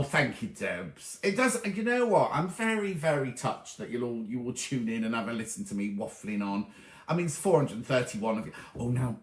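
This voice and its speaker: A man's voice: on the high side, fairly bright tone, roomy sound. A middle-aged man hosting a live sewing chat stream from a small room at home, cheerful and easily sidetracked while greeting viewers.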